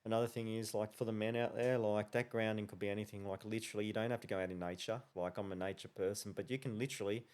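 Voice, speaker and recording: A man, a podcast co-host telling a lively story in casual chat, laughing often. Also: lowish voice, fast talker, hardly any pauses. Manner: animated storytelling with laughs and slang.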